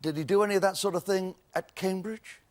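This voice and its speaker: A man's voice: high-pitched, a little fast, over loud music. A man hosting a television quiz show, witty and punning as he reads out the answers. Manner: witty, punning, lively delivery. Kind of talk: game show hosting with quips. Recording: TV broadcast with background noise.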